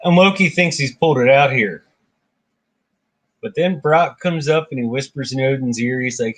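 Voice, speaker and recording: A man's voice: medium pitch, moderate pace. A man hosting a casual book discussion, retelling myths in his own words. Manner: animated retelling, voicing characters briefly.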